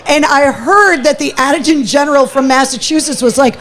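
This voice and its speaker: A woman hosting a live talk show from a pub, telling a story in a quick, animated, casual way. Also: high voice.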